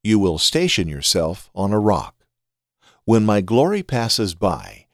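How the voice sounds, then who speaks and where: A man reading the words of God in a measured scripture reading. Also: low voice, no room sound, studio quality, full character voice. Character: God speaking, solemn commanding male deity.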